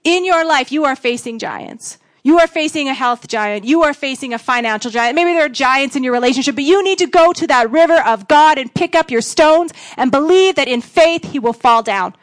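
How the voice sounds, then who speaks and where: A woman giving a casual, conversational sermon, acting out voices with sudden big jumps in pitch. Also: lively intonation, normal speed, hardly any pauses. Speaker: preacher.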